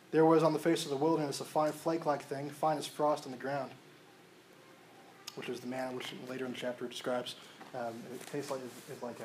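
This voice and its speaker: High-voiced man preaching a sermon. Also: poor audio. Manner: asks rhetorical questions, then answers them; reads verses aloud between plain explanation. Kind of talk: expository sermon reading scripture.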